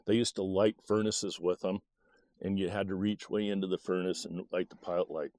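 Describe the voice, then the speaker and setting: A man in his sixties from Michigan, telling a childhood memory in a halting, casual way with many fillers and small chuckles. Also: low-pitched, fairly even intonation, a little mellow, dry recording. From Michigan, USA. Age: 60s. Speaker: storyteller. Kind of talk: casual personal storytelling.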